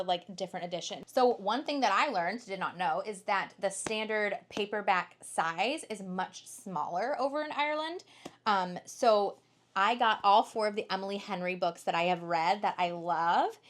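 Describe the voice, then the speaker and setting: A woman's voice: mid-range voice, moderate pace. Chatty young woman, bubbly book haul talk. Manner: bubbly, swears casually, lots of "like". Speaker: booktuber co-host. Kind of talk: casual chat.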